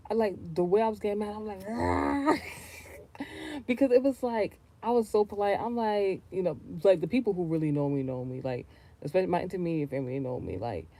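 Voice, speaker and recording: A man venting in a casual, rambling rant, profane and animated, with lots of restarts and sudden loud high outbursts. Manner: swings between low mutters and loud high outbursts. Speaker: vlogger.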